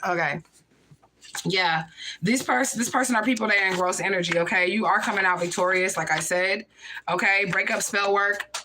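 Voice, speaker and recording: A woman's voice: mid-range voice, a little hiss or hum. A woman giving a casual livestream tarot reading, ranting bluntly with lots of profanity and acting out what other people say. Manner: animated, acts out other people's speech. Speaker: tarot reader.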